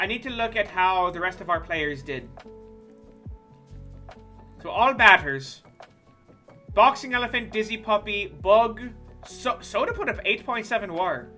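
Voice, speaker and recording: A streamer giving casual gameplay commentary, profane and quick to break into loud, exasperated outbursts. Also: mid-range voice.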